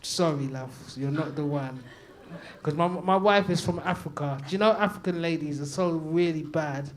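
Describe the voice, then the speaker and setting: Loud, laughing London man on stage. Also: fairly high pitch, normal speed. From Brixton, London. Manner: loud, chatty, laughing, riffs with the crowd. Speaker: stand-up comedian. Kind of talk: open-mic stand-up comedy. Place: stage at a comedy night.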